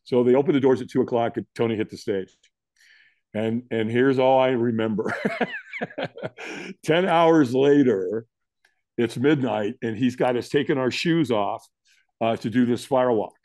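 Animated middle-aged male storyteller. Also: medium pitch, a little slow, pauses often, dry recording, studio quality. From United States. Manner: animated storyteller, acts out quotes. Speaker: guest. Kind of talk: storytelling interview.

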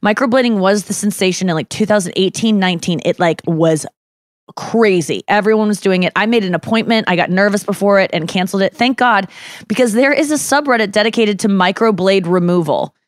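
A woman's voice: mid-range voice, brisk, dry recording, studio quality. A woman co-hosting a podcast in casual chat, telling stories with lots of swearing and little acted-out quotes. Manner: chatty storyteller with frequent swearing and acted-out quotes. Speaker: podcast co-host.

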